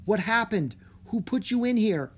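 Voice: mid-range voice, animated, normal speed, a little hiss or hum, voice pushed up, natural voice. Narrator doing an earnest, brave boy.

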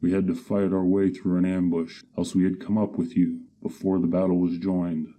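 A gruff, grunting bearded northern warrior, voiced by a man in a fantasy audiobook. Deep, flat and very dark in tone. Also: moderate pace, natural voice.

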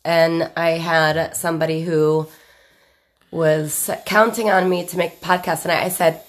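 A woman's voice: sits low, little pitch movement, a little slow. A young woman co-hosting a casual podcast, a few beers in, teasing and rambling as she talks. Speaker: podcast co-host. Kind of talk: casual chat.

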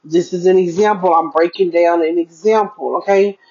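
Chatty mom vlogger, dull lo-fi sound. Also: female voice, on the low side, fairly even intonation, normal speed, darkish tone. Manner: chatty, talks straight to viewers, keeps checking in. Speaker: parenting vlogger. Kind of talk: casual budgeting vlog.

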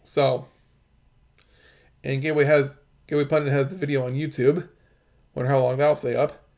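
A man commentating on news, reading articles aloud and adding halting remarks with many fillers and restarts. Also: mid-range voice, flat delivery, darkish tone.

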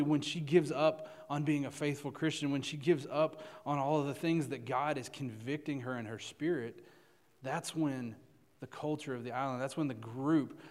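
A man's voice: mid-range voice, normal speed, a little mellow, long reverb tail. A man preaching as a youth pastor, telling a story in a loose, chatty way full of "uh"s and "right?"s. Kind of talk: conversational sermon storytelling.

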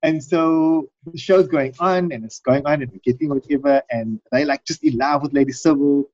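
A middle-aged man in casual chat, telling long rambling stories and acting out quotes in high voices. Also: expressive, normal speed, vocal fry, a little mellow, no room sound. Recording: dull dry recording.

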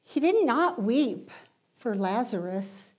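A woman preaching a sermon, emphatic, rising in intensity and then dropping to hushed lines. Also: on the high side, sing-song, slow, husky.

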